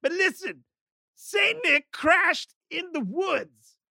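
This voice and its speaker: A man puts on Old Man Winter as a squeaky, sing-song old spirit whose voice leaps all over the place. He rambles slowly between giggles and sudden shouts, with a bright edge on every word. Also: expressive, gravelly, dry recording, clean studio sound, full character voice. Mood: rambling. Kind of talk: improvised comedy sketch.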